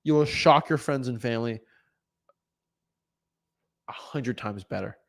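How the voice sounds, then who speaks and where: A young man giving casual motivational advice as a real estate coach, animated, often repeating and restarting words. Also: medium pitch, a little slow, creaky. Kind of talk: casual motivational vlog talk.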